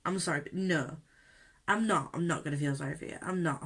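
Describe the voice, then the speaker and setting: Doing her makeup at home, a woman rants in an unedited get-ready-with-me vlog, her low, husky voice fairly bright and fairly quick. She recounts an upsetting story with candor, indignation, and plenty of filler words.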